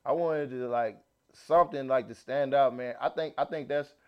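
A man with a Southern accent hosting a casual podcast, animated and laughing, restarting his sentences often. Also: medium pitch, normal speed, smooth, lo-fi sound. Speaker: podcast host.

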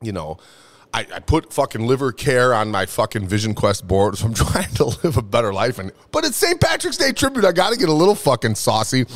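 A young man hosting a casual comedic talk show, rambling and swearing a lot while tipsy from drinking. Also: mid-range voice. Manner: profane, rambling, jokey. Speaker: podcast host.

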